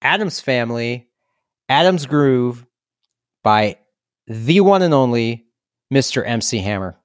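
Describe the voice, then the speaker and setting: A man's voice: mid-range voice, animated, slow, clean tone, no room sound, clean studio sound. A man co-hosting a podcast, chatting casually and laughing often. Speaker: podcast co-host. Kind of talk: casual chat.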